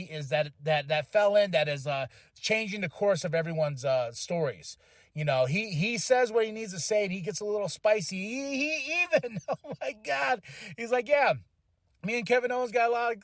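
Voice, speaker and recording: Excitable man recapping wrestling, dry close mic. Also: on the high side, no echo. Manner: excitable, profane, acts out quotes. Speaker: podcast host.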